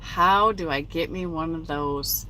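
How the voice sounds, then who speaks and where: A woman's voice: sits low, measured pace, sharp tone, slight background noise. A woman truck driver chatting casually on a phone live stream from her cab at a truck stop, reading viewer comments aloud.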